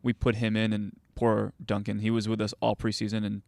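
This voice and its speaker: A man's voice: lowish voice, completely flat delivery, brisk, vocal fry, a little mellow, no echo. A young man, a goalkeeper coach and host, telling stories casually with many fillers and restarts. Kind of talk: casual conversational storytelling.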